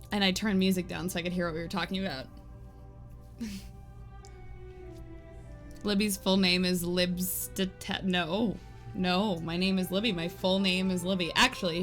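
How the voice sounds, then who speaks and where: A woman live-streaming a game, chatting casually with viewers in a rambling, giggly way full of "like". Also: lowish voice. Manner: giggly, animated storytelling. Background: faint game music.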